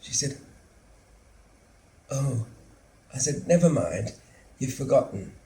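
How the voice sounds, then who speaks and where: An actor playing a lonely, anxious middle-aged son who lives with his mother, telling his story slowly and drily in a theatre monologue. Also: medium pitch, big pitch swings, gravelly, warm tone, exaggerated voice. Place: theatre stage. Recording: roomy theatre sound, faint hum.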